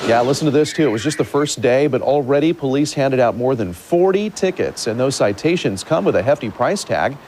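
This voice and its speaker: A male news anchor reading scripted news stories in a steady, measured way. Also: medium pitch, a little hiss or hum.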